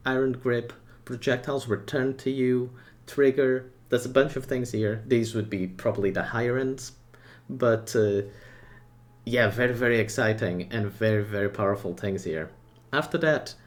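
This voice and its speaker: A man with a mid-range voice riffs casually on a game update for his gaming content, in brief excited bursts full of opinions and asides.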